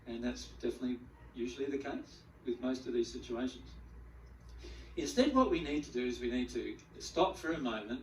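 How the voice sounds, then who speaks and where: A man giving a spiritual teaching talk to a group, animated, acting out the feelings he describes and often repeating words as he goes. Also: mid-range voice, a little fast, slight background noise. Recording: echoey room, mic at a distance.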